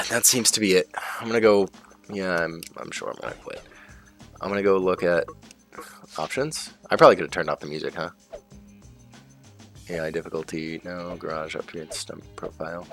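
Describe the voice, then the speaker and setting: A man giving casual, rambling commentary while playing a racing game, breaking off to react loudly whenever he crashes. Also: sits low, fairly even intonation, moderate pace, gravelly, long pauses. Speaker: gaming channel host. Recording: game music behind voice. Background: game music and engine sounds.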